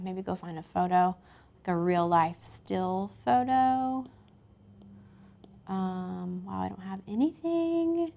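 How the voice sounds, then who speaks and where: A woman's voice: on the low side, gravelly. Chatty woman walking through app steps. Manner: chatty, talks through each step with fillers. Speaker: craft tutorial host. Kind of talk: casual screen-recorded tutorial.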